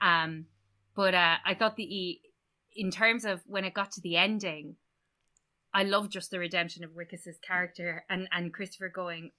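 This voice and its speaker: A woman in casual conversation about a film, animated and laughing often. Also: on the low side, moderate pace.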